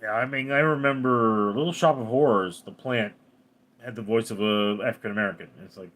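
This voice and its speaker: Speaking fairly quickly at medium pitch, a man hosts a casual livestream. He reads each commenter's name out loud before chatting back with animation.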